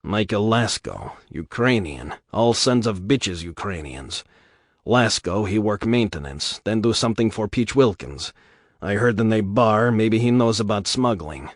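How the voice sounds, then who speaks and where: A man's voice: lowish voice, animated, unhurried, no room sound, clean studio sound. Man doing a clipped, cold Russian enforcer. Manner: clipped broken English.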